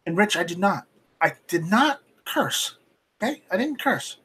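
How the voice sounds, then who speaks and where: A man hosting a casual live stream off camera, reading viewer chat aloud and talking in a halting, rambling way with many restarts. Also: high-pitched, lively intonation, bright, forceful tone, breathy edge. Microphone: home streaming mic, voice only, off camera.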